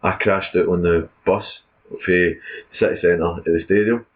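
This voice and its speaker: Scottish bloke, low voice, chill, sounds like hes on a phone line. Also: male voice, steady tone, moderate pace. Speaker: podcast co-host. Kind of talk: casual chat. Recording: tinny phone-like audio.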